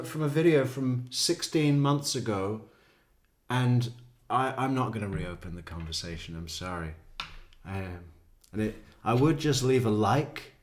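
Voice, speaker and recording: A man's voice: on the low side, slight background noise. Guy reacting to crime footage, dry jokes, laughs a lot, takes his time. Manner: wry, sardonic, laughs often. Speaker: true crime commentator. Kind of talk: casual commentary.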